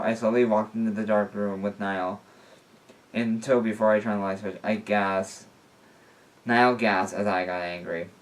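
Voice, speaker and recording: A man's voice: lowish voice, recorded from a distance. A man reading a fan fiction story aloud in a casual way, stumbling and restarting now and then. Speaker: story reader.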